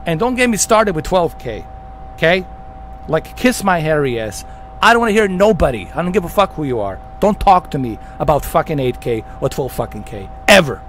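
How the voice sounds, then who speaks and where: A heated man rants at the camera, swearing constantly and hammering his points over and over. His voice sits high and swings widely in pitch. A faint noise hums under the recording. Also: sing-song, normal speed. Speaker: gaming channel host. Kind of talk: profane rant to camera.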